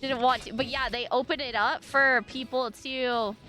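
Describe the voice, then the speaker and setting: A high, bright-voiced young woman from the US Northwest chats to her stream viewers in a loose, rambling way. She swears casually, piles on fillers and gets excited easily, with faint music playing underneath. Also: moderate pace. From US Northwest, raised in Washington and Montana. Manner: chatty and animated, lots of fillers, swears casually, squeals and laughs when excited. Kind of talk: casual chat with viewers while gaming.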